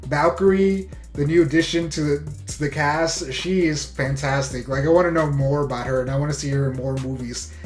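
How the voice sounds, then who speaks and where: A man with a slightly high voice gives a casual movie review, eager and loose, leaning on "you know" and "like". The room sounds echoey, with faint music under him. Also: fairly even intonation, normal speed, few pauses. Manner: enthusiastic, full of "you know" and "like".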